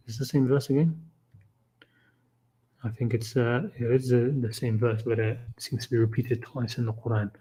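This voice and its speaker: A man leading a livestreamed Quran study, reciting verses quickly and then explaining them with many fillers and repeated "okay?" checks. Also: medium pitch, fairly even intonation, dark tone, breathy edge, rough recording. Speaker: Quran study group leader. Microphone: livestream microphone.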